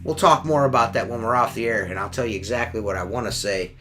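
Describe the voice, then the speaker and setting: Bright, swearing man telling a rant. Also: medium pitch, quick pace, a little hiss or hum. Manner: profane, ranting storyteller. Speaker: podcast host. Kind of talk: casual podcast chat.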